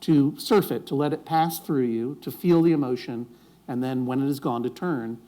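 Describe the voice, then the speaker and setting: A man's voice: medium pitch, moderate pace, mellow. A man speaking on stage before a live audience, wry and rambling, often restarting his sentences. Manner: rambling, self-interrupting, wry jokes.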